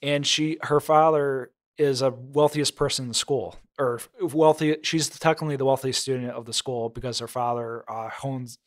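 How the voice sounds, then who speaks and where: A man co-hosts a casual podcast, his voice at an ordinary middle pitch. He explains things in a steady, methodical way and agrees readily with his partner. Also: moderate pace, few pauses. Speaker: podcast co-host. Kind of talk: casual chat.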